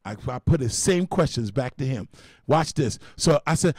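A man's voice: mid-range voice, expressive, normal speed, a little mellow, no room sound, clean studio sound. A man who is a bishop preaching a storytelling sermon on gospel radio, with a folksy, dramatic style. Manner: folksy, dramatic preaching with repeated call-outs.

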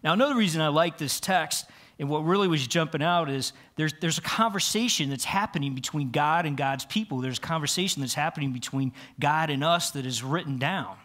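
A man with a fairly high voice preaching to his congregation in a relaxed, conversational way. He talks earnestly and often repeats a word or restarts a phrase as he works through his point. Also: brisk. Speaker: pastor. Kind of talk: conversational sermon. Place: church sanctuary.

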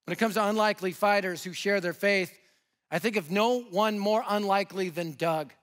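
A man preaching as a guest, telling stories with animation and swinging between loud and hushed delivery. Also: high voice, normal speed. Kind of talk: sermon storytelling.

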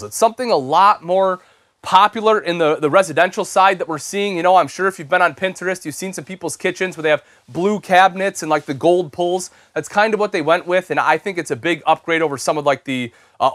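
A man's voice: sits high, fairly bright tone, no echo. A young man hosting an RV show, giving an enthusiastic, chatty sales walkthrough inside a travel trailer and calling viewers "folks". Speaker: RV show host.

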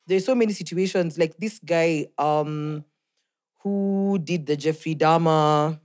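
A woman's voice: low-pitched, takes it slowly, a little mellow. A Kenyan woman co-hosting a podcast, arguing her point in an earnest, insistent way. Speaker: podcast co-host. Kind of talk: casual chat.

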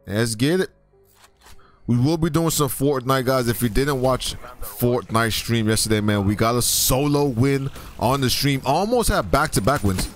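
A young man from the US Virgin Islands, excitably trash-talking in profane bursts as a game streamer. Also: mid-range voice, normal speed, faint music behind. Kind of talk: casual live-stream commentary.

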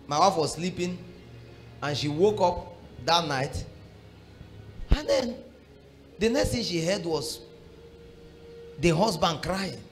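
A middle-aged man preaching a sermon as pastor, fervent, moving from murmured prayer to shouted exhortation. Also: fairly high pitch.

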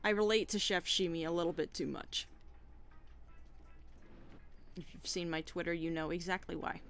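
A woman streamer talks casually over her gameplay. She drops quiet, chatty asides between scenes. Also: on the low side, fairly even intonation, normal speed, a little hiss or hum.

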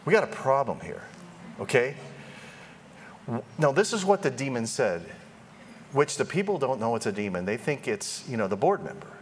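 Male preacher, animated and joking, pitch jumping all over, faint room noise behind. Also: normal speed, long pauses. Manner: animated, joking, acts out quoted voices. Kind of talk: sermon.

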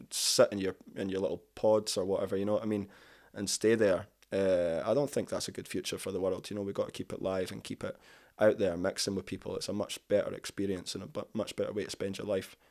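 Rambling and excited, a middle-aged male musician talks casually as an interview guest, leaning heavily on "you know". His fairly low, slightly mellow voice keeps a level tone and a brisk pace.

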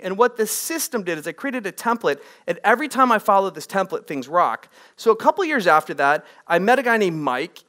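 A middle-aged man giving an energetic live workshop on speaking to a room of people, often putting questions to the audience. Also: sits high.

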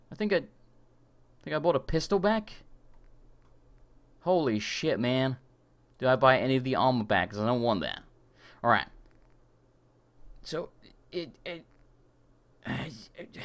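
A man giving casual live commentary while playing a video game, chatty and quick to rant and swear when annoyed. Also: mid-range voice, big pitch swings. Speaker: gaming streamer. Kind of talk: live let's-play commentary.

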